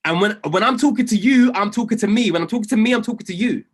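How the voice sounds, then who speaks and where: A man, coaching a group on trading in an animated, preacher-like way with lots of emphasis and repetition. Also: high voice, fast talker. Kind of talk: motivational talk to a group.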